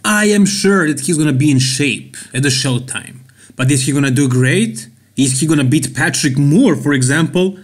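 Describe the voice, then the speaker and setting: Emphatic Serbian-accented man, fairly high voice. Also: animated, moderate pace. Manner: emphatic, repeats key words for stress. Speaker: bodybuilding channel host. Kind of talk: opinionated commentary vlog.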